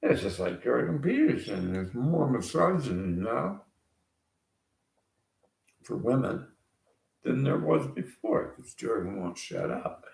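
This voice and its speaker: A man's voice: medium pitch, big pitch swings, takes it slowly, creaky, pauses often, darkish tone. A man on a rambling political rant, sarcastic and chuckling often, recorded in an echoey room. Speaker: vlogger.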